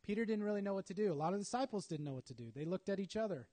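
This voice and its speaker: A man's voice: high-pitched, expressive, rapid-fire, warm tone. A man preaching a sermon, telling a story dramatically with acted asides.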